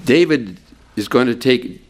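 Animated preaching man, lively pitch. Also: unhurried. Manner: conversational, explains scripture with asides; animated, sweeping pitch for emphasis. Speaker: pastor. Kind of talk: expository sermon.

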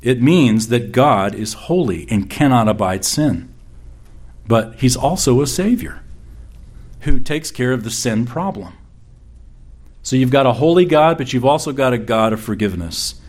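A man preaching a sermon, reading scripture aloud with slow emphasis and repeating key phrases. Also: mid-range voice, animated, a little mellow. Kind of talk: expository sermon.

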